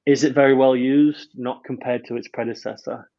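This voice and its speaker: A man's voice: mid-range voice, level tone, moderate pace, gravelly, muffled recording. A man reviewing a film on a podcast in casual chat, rambling with many restarts.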